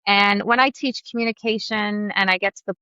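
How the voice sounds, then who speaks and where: A woman's voice: medium pitch, fairly even intonation, brisk, pushed and bright, clear, resonant tone, no room sound, low-quality recording. A woman facilitator speaking as a podcast guest, earnest and reflective, sharing personal examples. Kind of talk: conversational interview.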